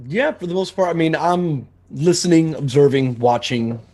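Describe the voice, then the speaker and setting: A man's voice: fairly high pitch, normal speed, a little mellow. A man playing a tabletop game, talking in a playful, joking way. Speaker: player. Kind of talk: casual tabletop play.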